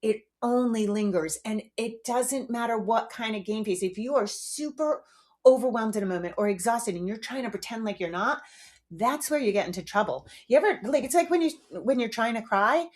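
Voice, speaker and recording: A woman's voice: a little high, animated, normal speed. A middle-aged woman hosting her own podcast, talking frankly and casually with the odd swear word. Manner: frank and chatty, a swear here and there. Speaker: podcast host. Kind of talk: casual solo podcast talk.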